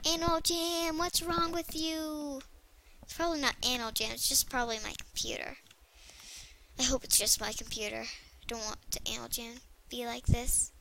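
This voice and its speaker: A young female gaming video creator chatting excitably to herself while she plays. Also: high-pitched, normal speed, vocal fry, slight background noise. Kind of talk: casual gameplay commentary.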